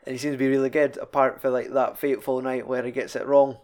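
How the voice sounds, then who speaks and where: A man's voice: mid-range voice, little pitch movement, fast talker, darkish tone. A young man with a Scottish accent chatting casually about a film, swearing freely and laughing often. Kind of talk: casual chat.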